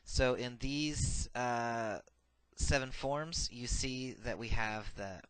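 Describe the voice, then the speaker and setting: A man teaching a recorded grammar lesson, reciting verb paradigms slowly and methodically with frequent filler sounds. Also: medium pitch, clean tone, no echo, poor audio. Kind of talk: recorded lecture.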